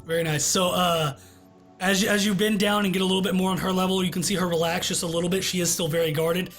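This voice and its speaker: A man acting as game master, narrating a tabletop game in a relaxed, descriptive way over a voice call. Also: high voice, fast talker, faint music behind. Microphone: online voice call.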